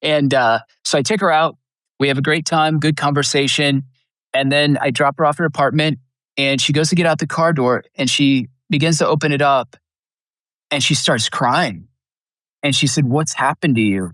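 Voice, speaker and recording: Heard in a clean studio recording without room sound, a middle-aged man speaks at a moderate pace in a fairly high, somewhat bright voice. He's a podcast guest giving a heartfelt personal testimony, voicing the people he quotes, and his emotion brings him near tears at moments.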